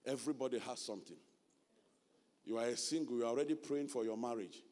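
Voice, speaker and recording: A man's voice: mid-range voice, fast talker, darkish tone. A man preaching a sermon and leading an altar call, repeating phrases in a fervent sing-song way and at times speaking in tongues. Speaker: pastor. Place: church sanctuary. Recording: long church reverb with music behind.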